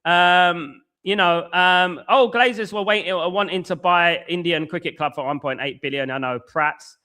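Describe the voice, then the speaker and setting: A man's high-pitched, sharp-toned voice moves at a normal speed as he hosts a football channel's live-stream talk show. He chats conversationally and repetitively, greeting people in the chat by name.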